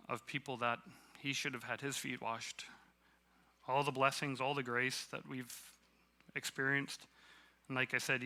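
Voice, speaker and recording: A man from Canada giving a casual, halting sermon at a church, self-deprecating and full of fillers. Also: medium pitch, bright, forceful tone. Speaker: guest preacher. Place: church hall.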